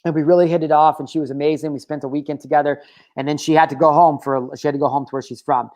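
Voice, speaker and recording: A man's voice: a little high, fairly even intonation, very fast, darkish tone. A man in his thirties hosting his own show, talking candidly and profanely about his feelings, with filler words and tangents. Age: 30s. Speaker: host. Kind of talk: casual motivational talk.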